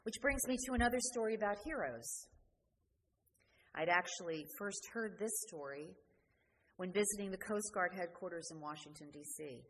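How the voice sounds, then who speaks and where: A woman's voice: on the low side, expressive, normal speed, slightly rough. Woman preaching in a reverberant church. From New Jersey. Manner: earnest, questioning, dropping to quiet endings. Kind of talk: sermon. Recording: church hall reverb, faint noise.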